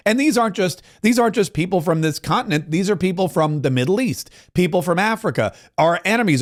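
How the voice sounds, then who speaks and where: A man hosting a political commentary show, talking emphatically with sarcastic asides. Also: a little high. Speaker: talk show host.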